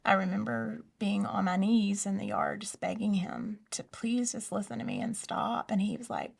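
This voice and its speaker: A woman telling her personal story in an interview, soft-spoken and hesitant, often dropping to a near whisper. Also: mid-range voice, fairly even intonation, normal speed, vocal fry, distant mic. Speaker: interview guest. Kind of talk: personal testimony in a conversation.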